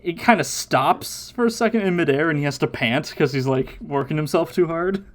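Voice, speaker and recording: A man hosting a casual watchalong podcast, recapping episodes with lively, chatty energy. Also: a little high. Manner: animated recapping with quick put-on quotes and laughs. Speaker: podcast host.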